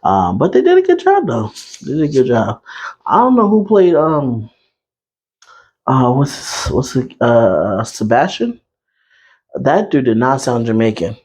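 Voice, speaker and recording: A man's voice: mid-range voice, huge pitch swings, a little mellow, breathy edge. Laid-back chatty man hosting a podcast. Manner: laid-back, chatty, drawn-out pauses and fillers. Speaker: podcast host. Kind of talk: unscripted casual talk.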